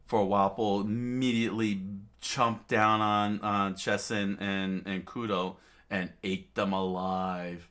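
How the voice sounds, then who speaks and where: A man's voice: lowish voice, fairly bright tone. A man reading a comic aloud in a casual way, with many fillers, restarts and chatty asides. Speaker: reader of a comic. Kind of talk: casual read-aloud with commentary.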